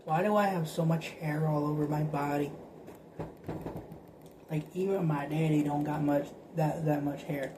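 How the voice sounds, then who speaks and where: A man's voice: fairly high pitch, steady tone, moderate pace, pauses often, noisy background. A man ranting casually to camera, profane and repetitive, often stammering and restarting. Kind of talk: casual rambling rant.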